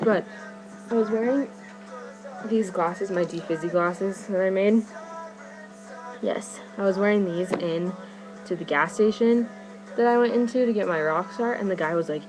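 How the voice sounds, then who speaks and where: A teenage girl vlogging to her webcam, telling a story excitedly and rambling with "like" in nearly every phrase. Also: on the low side, fast, rough recording. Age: teens. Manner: rambling, fillers, "like" constantly. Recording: music playing behind her.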